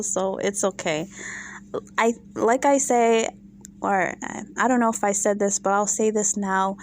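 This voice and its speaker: A woman giving casual opinion commentary on a reality show, exasperated and animated, firing off rhetorical questions. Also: medium pitch.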